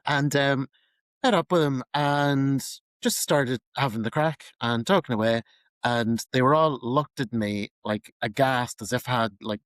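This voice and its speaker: Northern irish guy from newry, podcast cohost, rambly and laughy, mid pitch, dry mic. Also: dry recording, poor audio. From Northern Ireland. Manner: chatty storyteller, laughs often, many ums. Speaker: podcast co-host. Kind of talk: casual chat.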